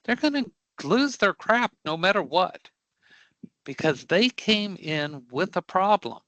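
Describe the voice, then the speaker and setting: His voice sits high and a bit bright, expressive and unhurried, with no room sound and poor audio quality. Teaching a live online career prep class, he speaks bluntly and emphatically, dismissing angry customers and pausing often to ask rhetorically whether the class follows.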